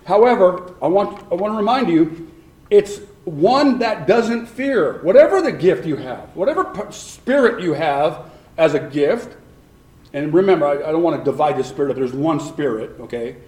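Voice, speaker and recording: Animated male preacher in echoey room. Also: fairly high pitch, moderate pace. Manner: questions the congregation, repeats for emphasis. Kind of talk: sermon.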